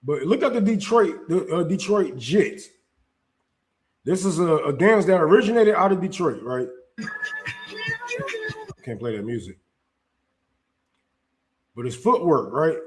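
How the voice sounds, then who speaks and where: A man's voice: on the high side, very animated, measured pace, pauses often, soft background music. A man hosting a casual opinion livestream, talking in a heated, profane, emphatic way with frequent restarts. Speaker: livestream host. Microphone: streaming setup mic.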